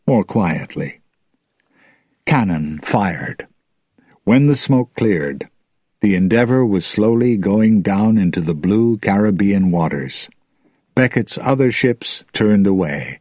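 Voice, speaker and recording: Slow, low-voiced male storyteller. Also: lively intonation, a little mellow, husky, no echo, clean studio sound. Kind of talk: scripted narration for English learners.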